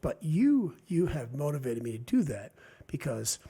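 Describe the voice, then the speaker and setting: A man with a Delaware Valley accent talks as an author guest on a casual podcast. His voice is gravelly and very husky, and he rambles in an animated way. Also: mid-range voice, normal speed. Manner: rambling, animated, acts out quotes.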